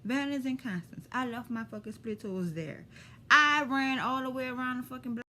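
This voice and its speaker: A woman with a New Orleans accent telling a story to camera in a lively, profane, slangy way. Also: high voice, moderate pace, slight background noise. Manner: animated, profane, street slang. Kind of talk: casual storytime.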